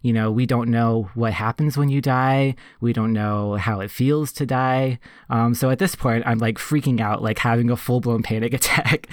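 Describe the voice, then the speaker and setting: A man in funeral service casually telling a personal story on a podcast, reflective and relaxed, full of "like" and "you know". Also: medium pitch, moderate pace, no room sound, studio quality.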